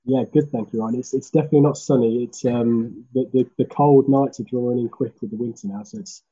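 A man with a Birmingham accent talks in an easy, meandering way, often restarting his sentences. His voice is very dark and a little husky. It comes through a slightly dull video-call line. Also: medium pitch, fairly quick. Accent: Birmingham (Brummie). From Birmingham, England. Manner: relaxed, chatty, with frequent restarts. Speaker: police officer guest. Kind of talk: casual interview over video call.

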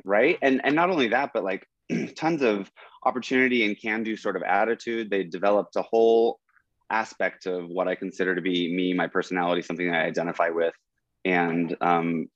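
Podcast guest: a low-voiced man, rambly and thoughtful, dull and dry sound. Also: no room sound. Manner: rambling, reflective, full of "like" and "um". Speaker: college teacher. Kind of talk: casual conversation. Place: in Oklahoma.

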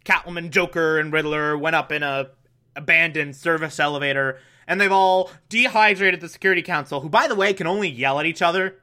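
A man's voice: a little high, a little fast, bright, forceful tone. A man giving a sarcastic, rambling comedic movie recap, laughing at his own jokes.

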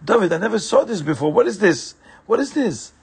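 A man's voice: very animated, fairly quick, vocal fry, breathy edge, exaggerated voice. A man voicing an exasperated wife whose children are going hungry, speaking in a raised, scolding manner. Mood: demanding. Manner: shrill, scolding, indignant.

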